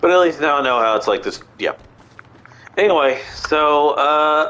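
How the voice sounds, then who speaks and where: A man's voice: mid-range voice, a little slow, pushed and bright. Man, nasal from a cold, casual gameplay stream, rambling, many restarts, headset mic. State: sick and nasal. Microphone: headset mic through console.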